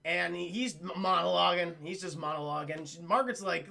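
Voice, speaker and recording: A man's voice: high-pitched, fairly even intonation, a little fast, gravelly, pushed and bright. A man streaming a profane, rambling recap of a cartoon episode and talking to his chat.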